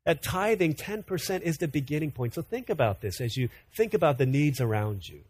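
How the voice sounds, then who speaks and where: Animated man preaching, slightly high voice. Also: brisk, slightly rough. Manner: animated, repeats words when building a point. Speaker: pastor. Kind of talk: sermon.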